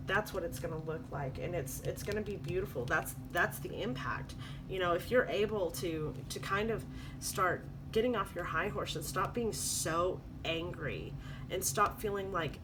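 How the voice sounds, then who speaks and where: A woman's voice: lowish voice, background noise. A woman doing a spoken tarot reading, coaching viewers in an earnest, repetitive way. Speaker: tarot reader.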